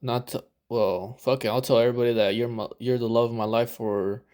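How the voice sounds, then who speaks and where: A man talking over a video as a dating coach, loose and rambling, with plenty of swearing. He keeps slipping into the lines he would say himself. His pitch sits in an ordinary middle range. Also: fairly even intonation, fairly quick, darkish tone. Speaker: dating coach reviewing footage. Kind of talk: casual reaction commentary.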